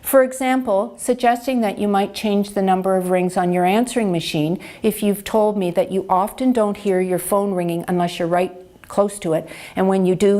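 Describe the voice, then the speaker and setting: A woman hearing care counselor gives an educational health talk. She speaks on a lapel microphone and explains clearly and patiently, with practical examples. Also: medium pitch, warm tone.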